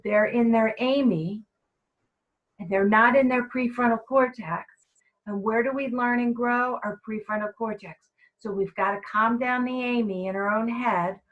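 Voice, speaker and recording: A woman giving an energetic, emphatic, conversational mindfulness talk to a group of staff. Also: a little high, lo-fi sound. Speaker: mindfulness trainer.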